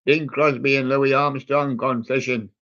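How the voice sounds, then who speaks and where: A man drifts through a playlist at an unhurried pace, trailing off into ums and small jokes. His voice sits in a middle register. The sound is muffled and lo-fi, like a home stream. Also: mid-range voice, level tone, fairly bright tone. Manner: slow, rambling and jokey, with many ums and asides. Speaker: livestream host reading out a music playlist. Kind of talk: casual running commentary between old songs.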